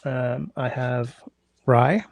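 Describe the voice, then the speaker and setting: A man with a middle-pitched, gravelly voice hosts a relaxed livestream from home, greeting viewers one by one and humming as he scrolls through chat. His sinuses are congested, and the sound is dry and close. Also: drawn-out words, no room sound. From Canada. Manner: rambling, greets chatters by name, hums while scrolling. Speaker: livestream host. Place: indoors at home.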